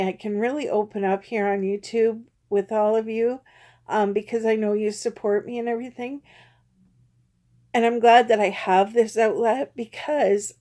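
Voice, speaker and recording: Woman vlogger, soft dark tone, candid confessional rambling, self-critical. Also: mid-range voice.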